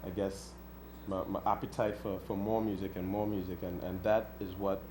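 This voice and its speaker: A man, a gospel artist answering interview questions in a hesitant, halting way with many restarts. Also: low-pitched, flat delivery, background noise. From Trinidad. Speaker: gospel recording artist, guest.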